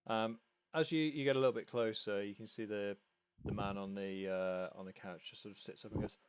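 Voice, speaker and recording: A man's voice: lowish voice, fairly even intonation, fairly quick, hardly any pauses, clean tone. A man from the UK narrating a tabletop game as game master, in a loose, rambling way with many fillers. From United Kingdom.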